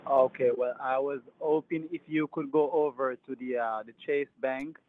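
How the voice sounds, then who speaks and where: A man's voice: medium pitch, steady tone, moderate pace, phone-quality sound. A man on a call who keeps repeating endearments and exclamations. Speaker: scammer on a call.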